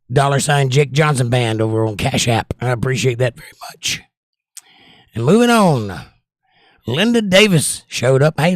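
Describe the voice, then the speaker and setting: A man's voice: on the high side, no room sound, clean studio sound. A man hosting a casual livestream, joking and greeting viewers with upbeat energy as he reads their chat comments. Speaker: livestream show host.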